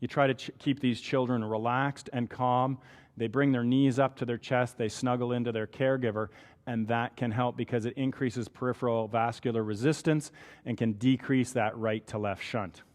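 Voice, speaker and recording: A man's voice: mid-range voice, steady tone, moderate pace. A man with a Canadian accent giving a conversational medical lecture, often checking in with "right?". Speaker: physician lecturer. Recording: long hall reverb.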